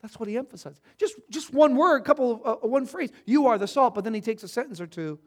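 A man preaching a sermon as a pastor, stressing and repeating key words and swinging his loudness for emphasis. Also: very high-pitched, lively intonation, brisk.

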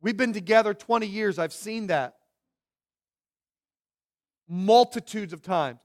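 A man with a fairly high voice preaches a sermon. He keeps it conversational, throwing questions at his listeners and briefly acting out the voices of the people in the story. His delivery is lively and moves up and down. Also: takes it slowly, pauses often. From York County. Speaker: pastor.

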